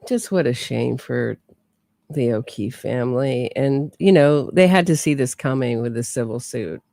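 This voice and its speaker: A woman's voice: very deep voice, unhurried, vocal fry, mellow, no echo. A woman hosting a true crime livestream, chatting casually and answering her viewers. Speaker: true crime podcast host.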